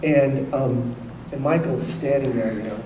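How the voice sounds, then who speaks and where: A man's voice: medium pitch, a little slow. A man telling a story on stage to an audience, rambling with many fillers. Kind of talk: anecdote to an audience. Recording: roomy hall, far from the mic, faint noise.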